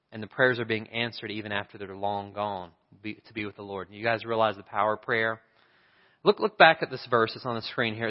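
A man's voice: fairly low pitch, in a large hall, muffled recording. A male pastor preaching a sermon, telling a story in a conversational way and putting questions to the congregation. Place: church sanctuary.

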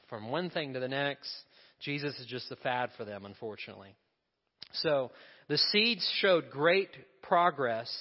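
A male pastor with a slightly raised voice preaches in a relaxed, conversational way, often turning to the congregation with questions and side remarks. The voice rings with a long hall reverb, and the recording is dull and lo-fi. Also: a little high. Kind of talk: sermon.

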